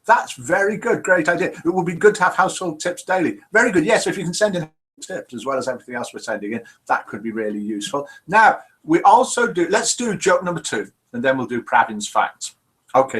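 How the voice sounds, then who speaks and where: Here the over-50s chat show host speaks in a mid-range, somewhat bright voice. He keeps things casual and live, chatting as he reads out messages sent in by viewers.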